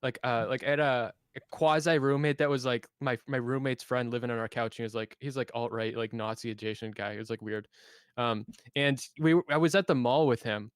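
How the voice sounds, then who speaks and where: A man's voice: medium pitch, steady tone, brisk, clean tone, dry recording. A young man telling a story in casual chat on a voice call, rambling and full of filler words. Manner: rambling, heavy use of filler "like". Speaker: online debate participant.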